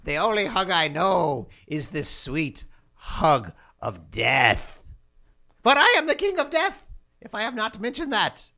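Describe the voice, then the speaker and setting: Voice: very animated, slow, gravelly, pushed and bright, exaggerated voice. A performer playing a pompous, grandiose male king of hell in a comedy podcast bit. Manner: grandiose, theatrical, booming pronouncements.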